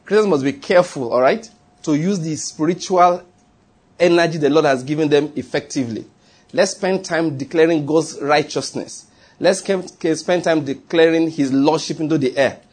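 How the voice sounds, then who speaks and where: A man's voice: on the high side, moderate pace, darkish tone, breathy edge. A man preaching a sermon as pastor, talking in a conversational way, repeating his key phrases and asking the congregation questions.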